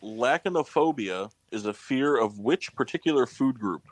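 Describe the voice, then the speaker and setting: A man's voice: medium pitch, lively intonation, moderate pace, no echo. A man hosting a trivia game in a casual podcast chat, reading out questions and spelling words. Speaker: trivia quiz host.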